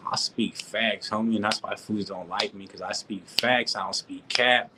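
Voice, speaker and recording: Speaking at normal speed in a fairly low voice, a California reaction streamer delivers a casual live-stream rant against a noisy background. He repeats himself, uses slang, throws in street asides and keeps restarting his sentences.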